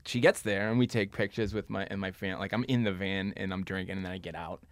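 A man's voice: deep voice, fairly even intonation, fast, no echo. A man in his thirties, a podcast guest, telling a long story casually with lots of fillers and laughs. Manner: laughing, rambling anecdotes with many fillers.

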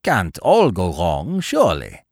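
A man voicing a middle-aged male baron, loud, excitable and hearty. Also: sits low, takes it slowly, vocal fry, no echo, clean studio sound, exaggerated voice. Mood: tickled.

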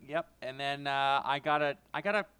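A man's voice: medium pitch, moderate pace, pushed and bright, clean tone, dry recording. A man co-hosting a casual podcast, telling rambling stories full of fillers and self-corrections. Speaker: podcast co-host.

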